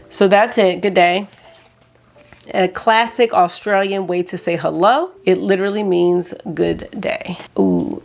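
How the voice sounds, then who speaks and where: A woman vlogger chatting excitedly through a makeup swatch review, rambling with lots of asides. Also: fairly low pitch, gravelly. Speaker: beauty vlogger.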